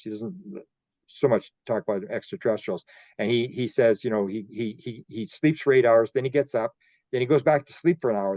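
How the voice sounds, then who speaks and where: Canadian guy telling stories on a podcast, stumbles and repeats himself, mellow voice, bit muffled. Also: lowish voice, no room sound. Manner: rambling, repeats words, acts out quoted dialogue. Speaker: podcast guest, UFO researcher. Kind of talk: storytelling interview.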